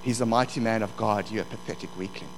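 A man's voice: lowish voice, steady tone, fast talker, slight background noise, pitched below the performer's own voice, close to an everyday voice, rough recording. A man preaching a sermon, voicing the devil as a sneering inner accuser who belittles him. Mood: taunting. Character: taunting male devil, scornful inner accuser. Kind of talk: sermon storytelling.

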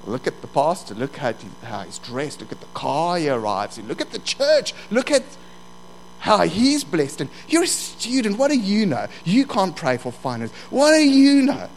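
Sneering male devil taunting a young believer, as a preacher puts him on in a sermon; higher-pitched, belittling, scornful. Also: big pitch swings, normal speed, a little hiss or hum, low-quality recording. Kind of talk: sermon storytelling.

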